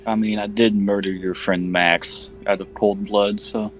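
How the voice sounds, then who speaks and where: A man's voice: fairly low pitch, flat delivery, unhurried, soft background music, rough recording. A man speaking in character as a player in a tabletop game, bold and confrontational. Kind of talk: in-character tabletop role-play.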